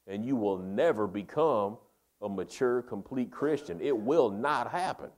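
A man delivers a sermon. His style is folksy and emphatic, with "man" and "baby" dropped into his lines. He moves from loud emphasis to quiet, slow phrases. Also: fairly low pitch, lively intonation. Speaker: preacher.

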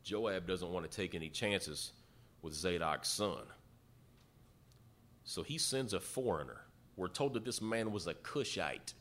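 A man's voice: sits low, lively intonation, measured pace, fairly bright tone. A man preaching a sermon, retelling a story in a folksy way and acting out the quotes. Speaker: pastor.

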